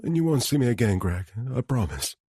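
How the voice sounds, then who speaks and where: A man's voice: mid-range voice, very animated, fairly quick, dark tone, breathy edge, dry recording, clean studio sound. A man voicing a nervous, apologetic middle-aged man who talks weakly and pleads. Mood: pleading.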